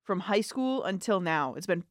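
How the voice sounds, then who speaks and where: A woman's voice: medium pitch, very animated, moderate pace, dry recording, clean studio sound. A woman in her twenties co-hosting a college radio show, telling a story in casual chat and acting out the lines she quotes. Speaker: radio co-host. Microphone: studio microphone.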